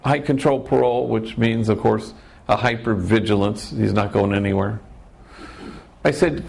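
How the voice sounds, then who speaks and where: Man, middle-aged, priest, storytelling talk, gravelly, wry, anecdotal. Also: lowish voice, normal speed, darkish tone. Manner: wry, anecdotal, punchy lists. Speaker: priest and speaker.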